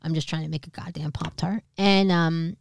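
A woman's voice: low-pitched, steady tone, normal speed, gravelly, dry recording, clean studio sound. A woman in her thirties casually telling a personal story on a podcast, candid and swearing, acting out the other people in it. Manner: candid, swearing, acts out quoted voices. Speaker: podcast co-host.

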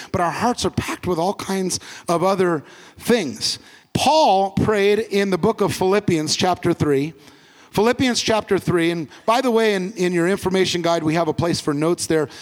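Male pastor giving a sermon, kinda high voice, repeats stuff, big echoey hall. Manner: repeats key phrases, asks the congregation to repeat.

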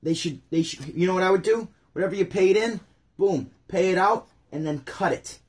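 A man's voice: high voice, normal speed, darkish tone, slightly rough. A man from upstate New York hosting his own livestream, ranting bluntly and chatting casually with viewers. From Syracuse, New York. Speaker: channel host.

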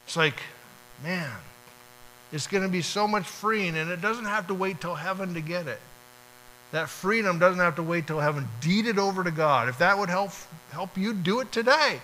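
The recording is low quality with slight background noise, carrying a pastor's high, sharp-toned voice at normal speed. He preaches conversationally, acting out short prayers and bits of dialogue.

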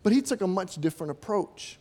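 High-voiced preacher giving a sermon. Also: male voice, animated, fairly quick, warm tone. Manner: conversational, rhetorical questions, acts out quotes.

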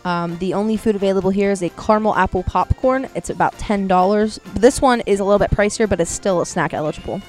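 A woman co-hosting a casual podcast, chatting and reading food and drink items slowly and carefully, recorded outdoors. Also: mid-range voice, darkish tone, faint music behind. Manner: chatty, reads item names slowly and carefully. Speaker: podcast co-host. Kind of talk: casual chat reading a menu. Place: outdoors at home.

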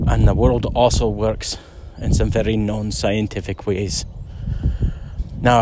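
A man's voice: mid-range voice, noisy background. A middle-aged man telling a story in a rambling, chatty way while out on a walk outdoors. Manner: rambling, chatty, many "you know"s. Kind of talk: casual spoken storytelling.

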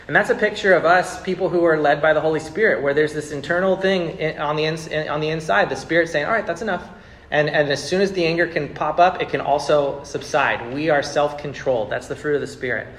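A male pastor in his thirties delivers a sermon in a loose, conversational way, stumbling over repeated words and then rising into emphatic bursts. His voice sits a little high for a man. The sound carries the echo of a large church room. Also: a little fast, hardly any pauses, fairly bright tone, slight background noise. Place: church sanctuary with congregation.

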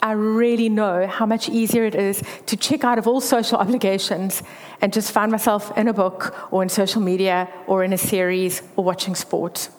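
A woman's voice: mid-range voice, level tone, moderate pace. A woman giving a candid faith testimony, telling her story earnestly. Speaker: speaker sharing a faith testimony. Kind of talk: personal testimony talk. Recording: long hall reverb.

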